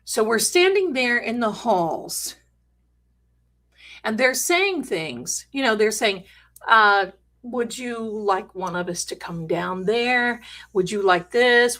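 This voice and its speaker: A woman's voice: on the high side, expressive, slow pace, a bit bright. A middle-aged woman hosting a live stream, telling a story in a chatty, dramatic way with jokey asides. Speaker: host.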